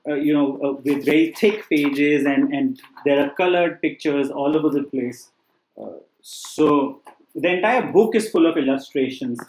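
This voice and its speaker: A man's voice: fairly high pitch, a little mellow. A man giving casual book recommendations as a test-prep teacher, talking loosely with many fillers and restarts. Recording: echoey room.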